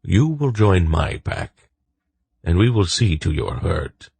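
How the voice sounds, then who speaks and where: A man's voice: sits low, big pitch swings, slow, gravelly, a little mellow, husky, no echo, exaggerated voice. A man voicing an old male wolf pack leader who speaks in a commanding, dry, decisive way in an audiobook.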